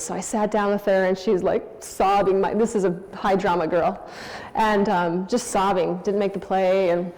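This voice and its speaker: A woman's voice: mid-range voice, normal speed. Give me a woman in her forties telling candid parenting stories at church, in a reverberant hall. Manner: candid, anecdotal, animated. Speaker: church speaker. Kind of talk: talk on parenting.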